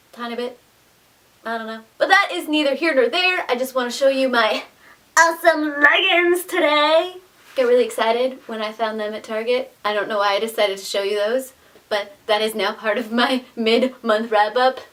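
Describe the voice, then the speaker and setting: A woman's voice: fairly high pitch, sharp tone. A woman book vlogger chatting casually at home, rambling and self-deprecating as she reviews what she read. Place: home room with air conditioning.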